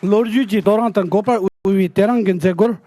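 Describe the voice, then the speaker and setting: A man who leads a community gives a measured, formal address to an audience. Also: high-pitched, steady tone, mellow, dry recording, some chatter behind. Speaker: community leader.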